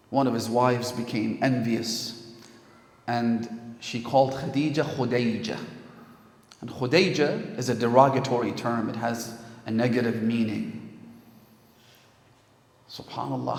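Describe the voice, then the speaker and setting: Man preaching in an echoey hall. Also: mid-range voice. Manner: storytelling, voice swelling with emotion at key moments. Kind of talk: sermon.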